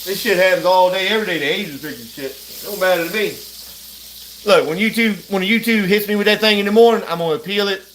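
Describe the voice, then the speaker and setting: A man's high-pitched, somewhat bright voice comes through a phone with a little hiss or hum as he cooks at home. He keeps up a casual livestream chat, rambling, drawling and laughing often, with food frying and sizzling in the background.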